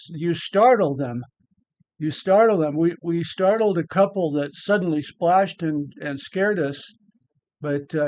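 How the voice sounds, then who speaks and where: A man's voice: fairly high pitch, a little mellow, no echo. An older man rambling casually over photos of an old hike, blunt, with many repeated words. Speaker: vlogger.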